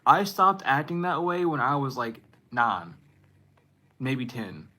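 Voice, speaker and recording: Young man, twenties, tarot reader, rambling casual talk, bright tone. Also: mid-range voice, sing-song, slow. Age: 20s. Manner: rambling, self-interrupting, laughs at himself. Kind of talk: casual spiritual reading to viewers.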